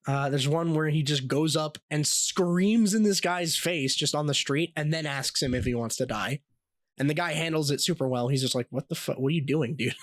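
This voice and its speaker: Animated man telling stories, dry sound. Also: a little high, moderate pace, no echo. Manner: animated storytelling, swears freely, laughs often. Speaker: podcast host. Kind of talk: casual podcast chat.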